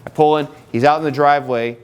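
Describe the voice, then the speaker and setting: A man's voice: fairly high pitch, steady tone, fast talker, clean tone. A middle-aged man speaking live to an audience at a marriage seminar, conversational and joking, full of personal anecdotes.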